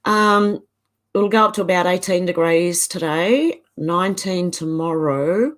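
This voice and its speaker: A woman's voice: fairly low pitch, measured pace. Chatty Australian woman on a livestream. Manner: chatty, laughs often, Aussie slang. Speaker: livestream host. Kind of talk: casual livestream chat reading viewer comments.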